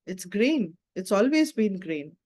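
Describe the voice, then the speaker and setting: A woman's voice: medium pitch, big pitch swings, slow pace, mellow. A woman voicing a proud lion king who is exasperated and can't believe what he hears. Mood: indignant. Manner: exasperated, incredulous.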